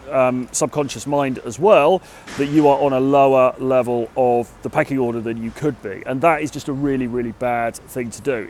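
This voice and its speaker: A man's voice: medium pitch, darkish tone, a little hiss or hum. A British man who coaches on dating gives casual advice to the camera outdoors in a city. He talks in a chatty way and hedges a lot with "sort of" and "kind of". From Britain.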